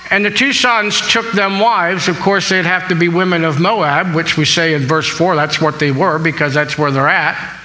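A man's voice: a little high, steady tone, normal speed, sharp tone, poor audio. A man preaching a sermon, reading scripture aloud and retelling it, asking his listeners questions. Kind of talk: sermon, Bible teaching.

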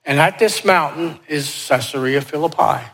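A man's voice: fairly high pitch, normal speed, fairly bright tone, slightly rough. A man preaching a sermon, emphatic and repeating key phrases as he urges his listeners.

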